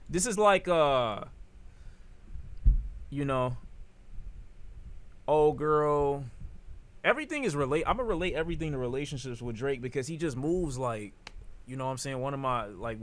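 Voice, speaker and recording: Man, bright tense voice, casual reaction stream, heated profane rant. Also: mid-range voice, expressive, moderate pace, long pauses. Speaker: streamer reacting to rap news.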